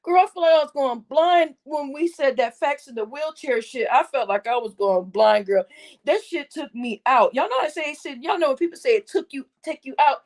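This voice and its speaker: A woman's voice: high voice, expressive, normal speed. A woman hosting a casual livestream, constantly breaking into laughing fits and swearing freely. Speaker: livestream host.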